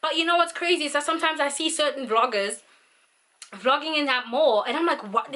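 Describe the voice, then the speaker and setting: A woman's voice: sits high, a little fast, bright, forceful tone. A young South African woman vlogging, ranting in an exasperated way with lots of fillers. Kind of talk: venting vlog monologue.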